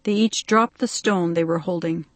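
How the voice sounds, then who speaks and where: A woman reading a fantasy story aloud for an audiobook, in an even, steady storytelling manner. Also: fairly low pitch, normal speed, no echo. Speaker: audiobook reader. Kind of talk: scripted narration.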